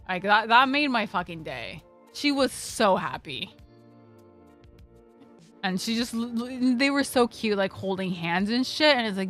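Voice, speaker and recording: A woman's voice: on the high side, animated, moderate pace, fairly bright tone, soft background music. Rambling woman streamer telling a story. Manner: rambling, filler-heavy, swears freely. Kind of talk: casual storytelling.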